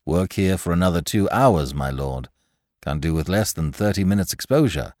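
A man's voice: low-pitched, lively intonation, normal speed, a little mellow, no echo, studio quality, pitched below the performer's own voice. A man voicing a clipped, deferential manservant in a storybook reading.

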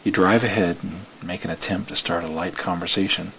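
A man narrating a story in the second person in a slow, hushed way that sometimes drops to a whisper. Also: sits low, fairly even intonation, creaky, slight background noise, low-quality recording.

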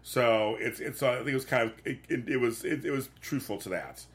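A man's voice: mid-range voice, a little fast, slightly rough. A man in a casual chat recapping a sitcom episode, rambling with many restarts and fillers. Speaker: podcast co-host.

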